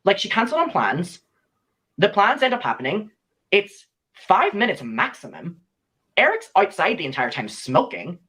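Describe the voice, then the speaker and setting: A man's voice: sits high, huge pitch swings, moderate pace, bright, forceful tone, slightly rough. A young man recounting a personal story in a played clip, animatedly acting out the lines of the people he quotes.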